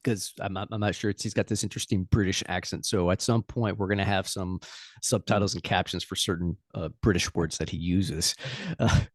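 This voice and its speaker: A man's voice: low-pitched, fairly even intonation, fairly quick, dry recording, studio quality. A man hosting a casual podcast over a video call, easygoing, laughing and swearing. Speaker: podcast host.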